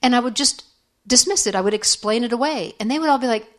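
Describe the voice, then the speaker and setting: A woman's voice: fairly high pitch, quick pace. A middle-aged woman giving a candid, reflective talk on faith and forgiveness to other women, sharing stories. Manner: candid, conversational, acts out quoted voices.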